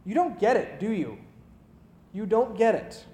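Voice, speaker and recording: A man's voice: sits high, animated, measured pace, warm tone, reverberant, in a large hall. A man voicing a stern male teacher who firmly rebukes his follower, within a sermon. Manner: firm, rebuking.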